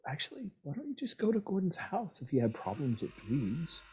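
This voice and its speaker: A man voicing a calm, indirect woman cat burglar who needles her underling. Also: on the high side, a little fast, breathy edge, pitched above the performer's own voice, exaggerated voice. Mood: sly, needling.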